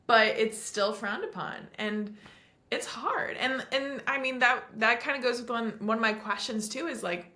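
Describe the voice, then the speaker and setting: A young adult woman hosting a podcast in casual chat, animated and emphatic as she rants. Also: fairly high pitch, moderate pace, reverberant. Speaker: podcast host.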